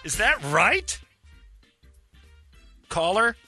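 A man hosting a morning radio call-in show. His voice is bright and lively, leaping up and down in pitch. He jokes loudly and laughs in mock outrage. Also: extremely slow, soft background music. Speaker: radio host.

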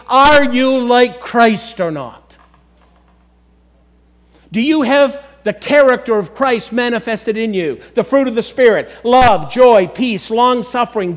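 A middle-aged male pastor preaching a sermon, emphatic and direct, often calling the congregation "folks". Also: extremely high pitch.

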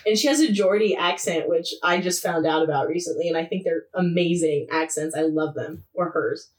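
A young woman co-hosting a casual sports podcast, telling stories in an animated way with frequent laughter. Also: fairly low pitch, distant mic. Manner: animated storytelling, laughs often, quick asides. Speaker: podcast co-host. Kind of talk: casual chat.

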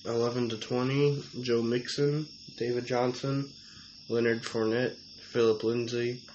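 A man co-hosting a casual sports rankings chat, reading long lists of names in a halting, methodical way. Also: mid-range voice, flat delivery, darkish tone. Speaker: co-host. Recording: slightly dull audio, faint noise.

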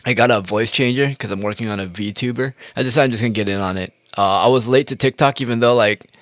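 A man's voice: medium pitch, fast, a bit bright, no room sound, clean studio sound. A man ranting in a casual monologue, swearing a lot and jumping from topic to topic. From United States. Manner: profane, heated, jumps between topics.

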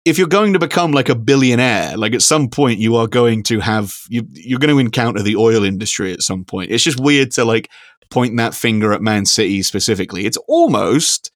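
A man's voice: mid-range voice, brisk, dry recording, clean studio sound. A man co-hosting a podcast, talking in a rambling, casual way and swearing now and then. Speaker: podcast co-host. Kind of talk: casual chat.

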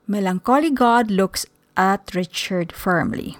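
A woman reads stage directions at an unhurried pace. Her delivery is plain and measured. The recording sounds dry and close. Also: mid-range voice, lively intonation, dry recording. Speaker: narrator of a play reading. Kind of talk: reading a script aloud.

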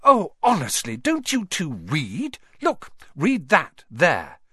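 A man voicing a bright, bossy schoolgirl witch who speaks urgently and insistently. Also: fairly high pitch, huge pitch swings, takes it slowly, slightly rough, no room sound, clean studio sound, voice pushed up, heavily acted. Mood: impatient. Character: bossy clever schoolgirl, eager and impatient.

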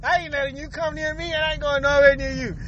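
A man's voice: extremely high pitch, steady tone, fast talker, sharp tone, lo-fi sound, slight background noise. A young man in a crude, rambling casual rant to his viewers, full of slang and frequent chuckles. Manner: slangy street talk. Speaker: vlogger.

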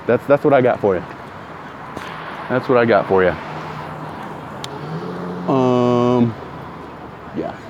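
A middle-aged man with a fairly low voice hosts a podcast as he walks outdoors, rambling, correcting himself and saying hello to passersby. The recording has its high frequencies cut off and carries outdoor street noise, with traffic audible in the background.

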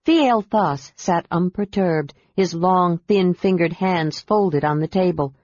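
A reader narrating a fantasy novel in a steady, even storytelling voice. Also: mid-range voice, slow pace, no room sound. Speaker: audiobook narrator. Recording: dull, dry audiobook sound.

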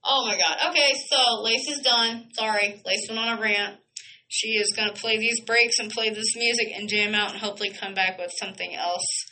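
Woman podcast host, passionate unscripted monologue, sharp bright tone, emphatic and blunt. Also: medium pitch, fairly even intonation, moderate pace, rough recording. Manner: emphatic, blunt, swears freely; repeats and corrects phrases mid-sentence. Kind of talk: impassioned monologue.

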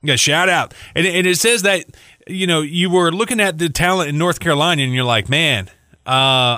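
A man hosting a casual interview, asking relaxed, chatty questions. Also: a little high, moderate pace, no room sound, studio quality. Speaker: interview host.

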